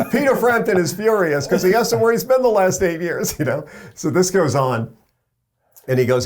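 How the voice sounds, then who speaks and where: A man, a radio program director and morning show co-host, tells an animated story and acts out the quoted voices. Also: sits high, normal speed, a little hiss or hum.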